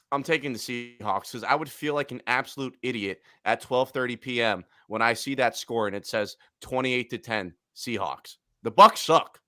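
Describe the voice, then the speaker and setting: A man's voice: medium pitch, sharp tone, dry recording, clean studio sound. A brash man hosting a casual football betting chat, swearing and trash-talking teams. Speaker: sports betting podcast host.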